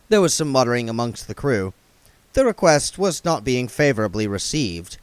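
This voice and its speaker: A man reading a novel aloud with expressive narration. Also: medium pitch, normal speed, smooth, no echo. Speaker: audiobook reader. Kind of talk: book read aloud.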